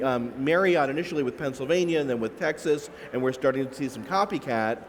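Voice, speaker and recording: Man, fairly high voice, analytical panelist, halting restarts, echoey hall with faint background hum. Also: a little mellow. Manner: analytical, many restarts and "right?" asides. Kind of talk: explanatory panel talk. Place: large expo hall.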